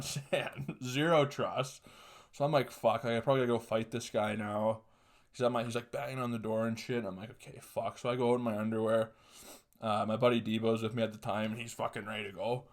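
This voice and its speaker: Joking, swearing young man telling stories. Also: medium pitch. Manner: profane, joking, laughs mid-sentence. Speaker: podcast host. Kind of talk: casual solo podcast storytelling.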